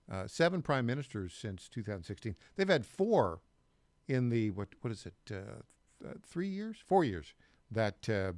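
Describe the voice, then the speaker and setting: A man's voice: medium pitch, no room sound. A man hosting a talk radio show from a studio, running through a news rundown with sarcastic asides.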